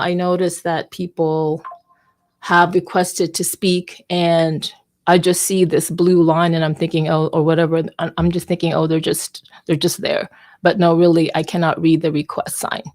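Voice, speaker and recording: A woman hosting a weekly online community talk, chatting casually and thinking aloud with a self-mocking, rambling manner. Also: lowish voice. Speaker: community space host. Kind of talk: casual livestream chat.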